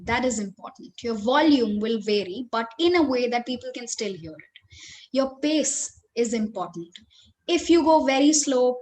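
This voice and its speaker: A woman's voice: a little high, a little hiss or hum. A woman with an Indian English accent leading a live online training webinar, speaking expressively and addressing her audience directly. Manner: expressive, varies tone and stress, engages the audience directly. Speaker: corporate trainer.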